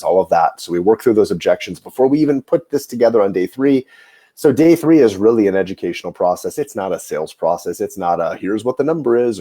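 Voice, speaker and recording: A man hosting a coaching show for chiropractors speaks in a deep, slightly husky voice. He talks fast and rushes ahead, explaining his clinic routine to colleagues. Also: mellow. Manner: rushed and self-admittedly fast-talking. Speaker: chiropractor and coaching program host. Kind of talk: quick how-to talk to fellow clinicians.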